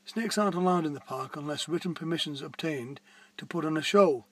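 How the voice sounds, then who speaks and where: Officious park warden, read by a man; slightly high, husky, mic set back. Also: fairly quick, a bit bright. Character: fussy, officious middle-aged male park warden. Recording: distant mic.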